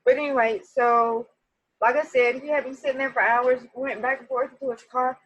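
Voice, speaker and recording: Casting note: husky woman in a casual vlog, animated storyteller, a bit high. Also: normal speed, no room sound, rough recording. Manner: animated, talks straight to viewers. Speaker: vlogger telling a personal story.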